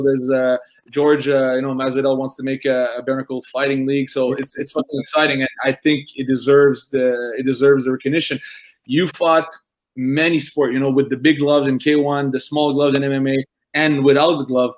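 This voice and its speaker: A man hosts a casual interview, asking questions in halting bursts. He restarts often and fills gaps with "uh" and "you know". His voice sits at an ordinary middle pitch. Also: flat delivery. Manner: halting, searches for words, many restarts and "uh"s. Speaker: podcast host.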